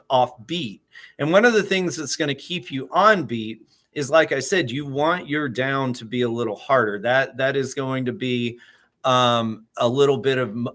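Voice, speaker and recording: Slow, halting male guitar teacher. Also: mid-range voice, a bit bright. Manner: halting, repeats words often while explaining; counts beats aloud while playing. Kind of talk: casual guitar lesson.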